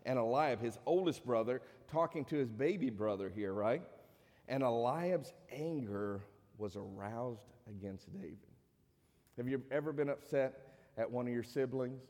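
A man's voice: medium pitch, animated, measured pace, warm tone. A male pastor preaching a sermon, often putting rhetorical questions to his congregation. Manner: preachy, asks the crowd many rhetorical questions. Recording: long hall reverb.

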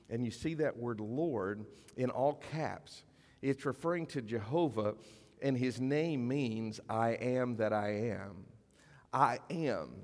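A man preaching a sermon as a pastor, in a conversational style, slowing down for emphasis and sometimes dropping almost to a whisper. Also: mid-range voice, darkish tone. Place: church sanctuary. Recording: long reverb of a church hall.

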